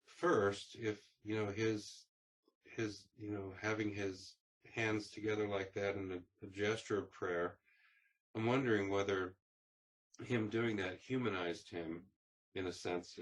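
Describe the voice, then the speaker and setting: A man's voice: fairly low pitch, steady tone, measured pace. A man interviewing a veteran, asking long, careful questions with hesitations and restarts. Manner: hesitant, searching for words, many restarts.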